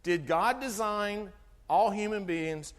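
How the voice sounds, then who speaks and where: A middle-aged man giving an animated health talk to an audience, asking them questions and acting out conversations. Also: high-pitched, slow. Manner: animated, asks the audience questions, acts out dialogue. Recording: long hall reverb from a live talk.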